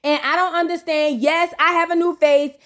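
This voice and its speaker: A whiny, wounded woman pleads in a teary, very high voice, as a female narrator acts her out. She sounds hurt and pleading throughout. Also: fairly even intonation, normal speed, a bit bright. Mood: puzzled. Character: whiny wounded woman, lips numb from fillers.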